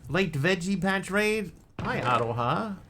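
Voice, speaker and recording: A man's voice: high voice, expressive, unhurried, background noise. A man streaming a game, chatting casually and answering his chat as he plays. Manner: chatty, greets and answers chat while playing.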